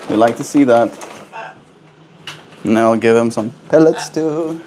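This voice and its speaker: A man livestreaming at home. He chats casually with his viewers and talks baby talk to his pet birds in a high, cooing voice. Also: unhurried, long pauses, noisy background.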